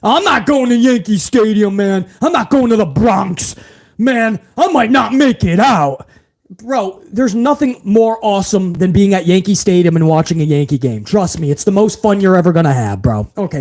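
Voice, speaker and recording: A man from New England hosts a live wrestling review in a casual, excitable way, heavy on swearing and slang. His voice sits high and swings widely up and down. He talks like a fan chatting with friends.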